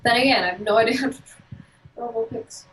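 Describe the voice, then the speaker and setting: A woman from the UK casually chatting on an art stream, telling animated stories and acting out quotes. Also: a little high, fast, vocal fry, slight background noise, rough recording. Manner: animated storyteller, acts out quotes and laughs often. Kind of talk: casual chat while drawing.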